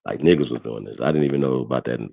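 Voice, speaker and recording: A man with a very low voice runs a livestream roast, ranting and cursing. He repeats himself constantly, his volume rising and falling as he gets worked up. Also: rapid-fire, gravelly. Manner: loud, ranting, repeats himself, swears a lot. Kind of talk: heated profane livestream rant.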